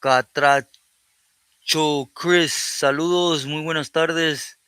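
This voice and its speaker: Smooth-voiced man chatting with his viewers. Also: fairly high pitch, fairly even intonation, takes it slowly, bright, forceful tone, dry recording. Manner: greets viewers by name, switches between English and Spanish; thankful, often praises God. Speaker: livestream host reading chat. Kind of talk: casual live chat with viewers.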